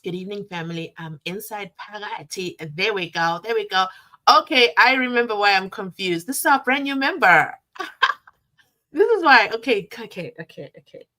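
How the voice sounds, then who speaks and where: A young South African woman with a South African accent hosting a casual live-stream from her desk, reading viewer comments aloud and reacting in an animated way. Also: fairly high pitch, normal speed. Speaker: commentary channel host. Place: at a desk at home.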